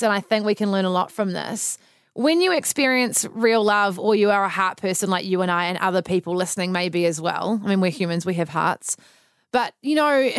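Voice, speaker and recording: A woman around thirty, hosting a podcast in candid, animated casual chat full of fillers and swearing. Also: mid-range voice, clear, resonant tone, dry recording, studio quality. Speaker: podcast host.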